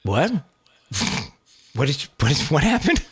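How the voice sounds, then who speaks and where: Animated, joking male radio host. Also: on the high side, takes it slowly, breathy edge. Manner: rambling, joking, lots of restarts. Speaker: radio talk show host. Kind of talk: casual talk radio chat. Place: radio studio.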